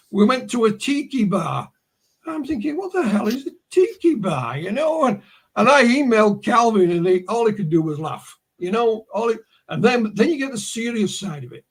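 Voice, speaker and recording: Husky high Yorkshire man telling stories. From Yorkshire, England. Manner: rambling with many restarts and "you know". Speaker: guest. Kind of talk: casual conversation, storytelling. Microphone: video call.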